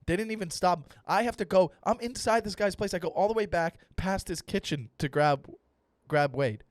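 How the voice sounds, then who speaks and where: A young adult man hosting a comedy podcast, ranting with animated, profane storytelling and acted-out dialogue. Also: high voice, normal speed, no room sound. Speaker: comedian host.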